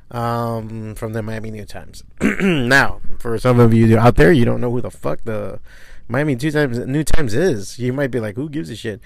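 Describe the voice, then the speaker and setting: In his studio, a middle-aged comic shop owner hosts his podcast alone, rambling, swearing a lot and using self-deprecating humor. He has a creaky, medium-pitched voice.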